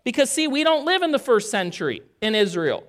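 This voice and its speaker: Lively, conversational preacher. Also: mid-range voice, a little fast. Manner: conversational, asks the listeners questions. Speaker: pastor. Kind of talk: sermon with scripture reading.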